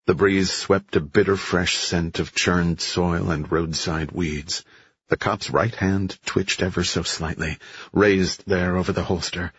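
A man reading a thriller audiobook in a measured, steady way. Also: sits low, breathy edge, dull audio. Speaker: audiobook narrator. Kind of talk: scripted narration.

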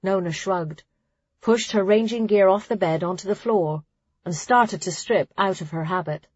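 A woman narrating an audiobook in a steady storytelling reading. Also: mid-range voice, moderate pace, breathy edge, no room sound. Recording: dry, slightly dull lo-fi sound.

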